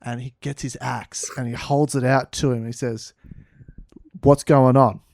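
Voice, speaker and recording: A man co-hosting a podcast, improvising a comic story, halting and repeating words playfully. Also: mid-range voice, little pitch movement, vocal fry, a little mellow. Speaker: podcast co-host.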